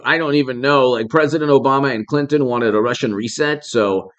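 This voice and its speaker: A man's voice: mid-range voice, a bit bright. Indignant man firing rhetorical questions. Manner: thanks viewers by name while talking. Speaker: political commentary host. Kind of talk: live-stream political commentary.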